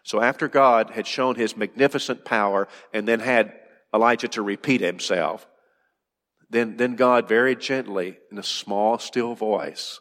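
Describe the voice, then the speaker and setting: A man preaching with a fairly low voice that carries a long reverb, as if in a large church hall. He speaks earnestly, pressing questions upward and then easing into quiet, gentle stretches. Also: unhurried. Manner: earnest, rising to urgent questions then dropping soft and calm. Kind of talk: sermon.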